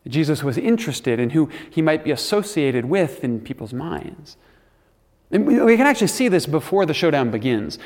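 A man's voice: on the high side, long reverb tail. A man giving a sermon, reflective and earnest, with the odd dry aside. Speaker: preacher.

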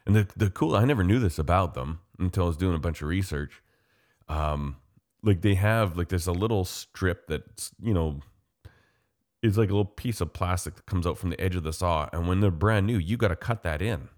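A man's voice: low voice, normal speed, a little mellow. A man from Canada chatting casually and enthusiastically, rambling with lots of fillers. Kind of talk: casual chat.

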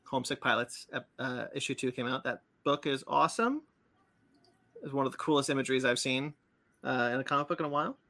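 Casting: bright-toned man, podcast host, loose rambling delivery full of "um"s. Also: medium pitch, fairly even intonation, fast talker. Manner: rambling, many fillers and restarts. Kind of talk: casual chat about comics and cartoons.

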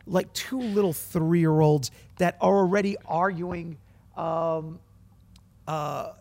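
A man who teaches students, chatting casually on a podcast and telling animated stories full of acted-out quotes. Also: on the high side, creaky, breathy edge. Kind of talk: casual chat.

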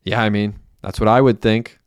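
A man reading a cautious young gang member in a crime audiobook who weighs every move in a measured, reasoning way. The voice is low, smooth and resonant, recorded dry. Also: fairly even intonation, no room sound, close to an everyday voice. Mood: thoughtful.

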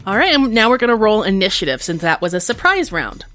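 A woman's voice: medium pitch, big pitch swings, fast talker, fairly bright tone. A woman narrating as game master of a tabletop game, patiently explaining the rules.

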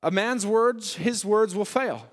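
In a church hall, a high-voiced male preacher gives a slow-paced sermon, shifting from loud, emphatic declarations to soft, hushed asides. A long hall reverb hangs on the sound.

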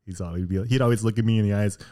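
A man in casual podcast chat, telling an animated story about his childhood. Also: on the low side, racing.

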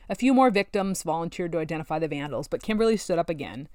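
Low-voiced woman reading a novel. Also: expressive, fast, hardly any pauses, a little mellow, no room sound, clean studio sound. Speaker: audiobook narrator. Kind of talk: first-person novel reading.

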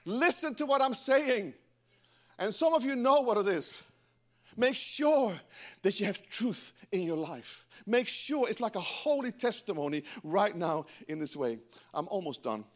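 A middle-aged man preaching a sermon in church, animated and breaking into joking asides to the congregation. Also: high voice, unhurried. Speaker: pastor.

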